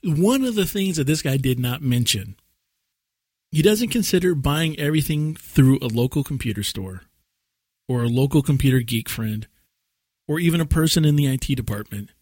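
Animated, dry-voiced male podcast host. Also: mid-range voice, normal speed, breathy edge, dry recording. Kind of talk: casual chat.

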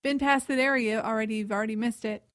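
A woman's voice: a little high, steady tone, fast talker, no room sound, studio quality. Wry woman co-host, casual chat.

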